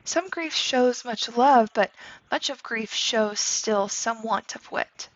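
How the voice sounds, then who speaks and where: A woman's voice: a little high, slow pace, dull audio. A woman teacher reading the part of Lady Capulet, a stern and vengeful noble mother, in verse with a commanding tone. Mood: scolding.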